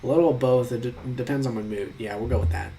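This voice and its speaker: A man's voice: medium pitch, fast, mellow, slight background noise. Young man, twenties, casual vlogger, quiz talk-through, mid-range voice, mock-exasperated. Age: 20s. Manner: talks through quiz answers aloud, musing and joking. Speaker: vlogger taking online quizzes. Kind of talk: casual commentary.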